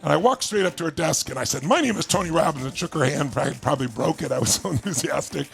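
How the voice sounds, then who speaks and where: A man telling a story from his own life to an audience, animated, acting out the voices of the people in it. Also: fairly high pitch, fast talker, vocal fry, soft background music. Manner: animated, acts out quoted voices. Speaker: motivational speaker. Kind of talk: storytelling talk.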